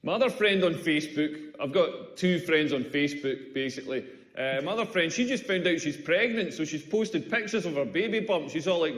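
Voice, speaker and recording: A man's voice: on the high side, expressive, fairly quick, a bit bright. A Scottish man doing a stand-up comedy set, ranting with sardonic exasperation and mocking the people he quotes. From Scotland. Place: comedy club stage. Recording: echoey club room with long reverb.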